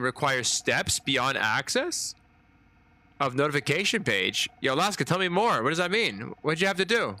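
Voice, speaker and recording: A man's voice: a little high, sing-song, moderate pace, pushed and bright. A man streaming a game live, chatting casually and reacting with surprise as he plays. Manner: chatty, easily surprised, talks to chat. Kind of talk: live gameplay commentary.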